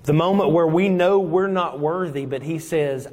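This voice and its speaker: A male pastor preaching a sermon, dramatic and swinging between loud emphasis and hushed moments. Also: on the high side, moderate pace, few pauses. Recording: long reverb in a large hall.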